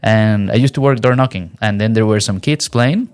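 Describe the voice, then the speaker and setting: A man's voice: fairly low pitch, moderate pace, smooth. Guy, english teacher hosting a podcast, chatty, acts out little quotes. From Venezuela. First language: Spanish. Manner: animated, acts out quoted lines in different voices. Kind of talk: casual chat.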